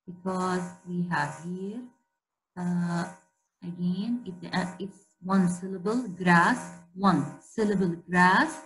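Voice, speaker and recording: Slow, repetitive woman teacher. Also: medium pitch, rough recording. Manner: slow, repeats each word, asks questions to the class. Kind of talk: online spelling lesson.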